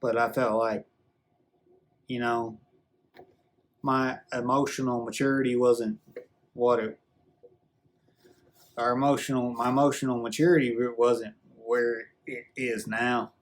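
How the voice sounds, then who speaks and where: A man vlogging a rambling, earnest confessional story, halting often and restarting his sentences. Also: mid-range voice, little pitch movement. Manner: halting, earnest, with many restarts and drawn-out fillers.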